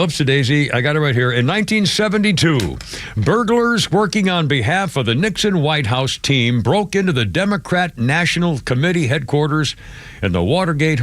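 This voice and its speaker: A man's voice: medium pitch, fairly bright tone, no echo. A man hosting a live radio talk show, reading out news items in a rambling, chatty way with lots of fillers and asides.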